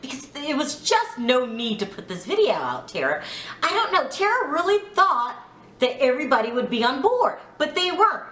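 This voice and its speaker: Woman, casual TV recap, outspoken, bit of cursing, very lively pitch, echoey room. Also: a little hiss or hum. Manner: frank, opinionated, mildly profane; animated, acts out quotes. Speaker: reality TV recap vlogger.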